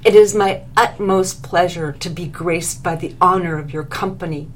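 A man's voice: high-pitched, normal speed, a little hiss or hum, natural voice. A woman voicing a grandiose, formal male vampire master in a read-aloud story. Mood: courteous. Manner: formal, pompous.

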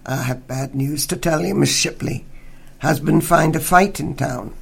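A man reading a story aloud, voicing a curt police officer with a deep rumbling voice and broken English. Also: gravelly, breathy edge, full character voice. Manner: slow, clipped, dismissive. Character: gruff local male police officer, curt.

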